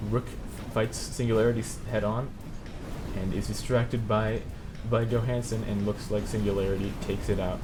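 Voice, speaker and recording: A man's voice: on the low side, level tone, moderate pace, noisy background. A man hosting and casually commentating a game tournament, chuckling often and trailing off into fillers. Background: background music.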